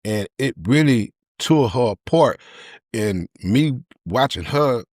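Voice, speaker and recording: A man's voice: mid-range voice, takes it slowly, dry recording, clean studio sound. A middle-aged man, telling his story in an interview and acting out the voices of people in it. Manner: animated retelling, acts out quoted voices. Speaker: podcast guest.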